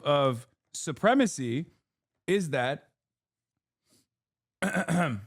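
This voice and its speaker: A man's voice: fairly high pitch, lively intonation, moderate pace, no echo. A male streamer giving heated, profane reaction commentary full of rhetorical questions. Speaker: streamer host.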